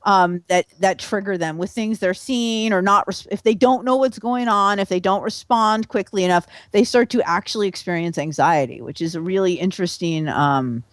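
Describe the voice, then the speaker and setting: A woman's voice: medium pitch, moderate pace, hardly any pauses, no echo. A woman, a sociologist guest, talking casually in an interview with many fillers and restarts. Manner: animated, with filler words and restarts.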